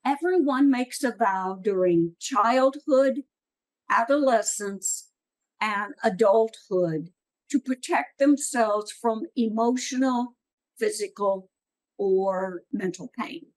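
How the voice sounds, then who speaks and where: Slow, earnest woman teaching writers. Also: a little high, a little mellow, rough recording. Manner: earnest, encouraging, unhurried. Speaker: writing workshop speaker. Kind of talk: writing workshop talk. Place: meeting room.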